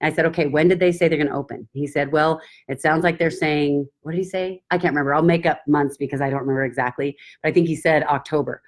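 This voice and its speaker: Low-voiced, enthusiastic woman mentor. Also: fast talker, hardly any pauses. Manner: enthusiastic, acts out excited gasps and quotes. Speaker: business mentor. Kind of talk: casual coaching talk.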